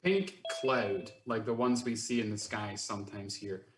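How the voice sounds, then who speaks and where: A pastor with a Brooklyn accent speaks in a low, rather flat voice. He answers earnestly and thoughtfully, pausing often with ums, over a faint hiss. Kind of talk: panel discussion answer.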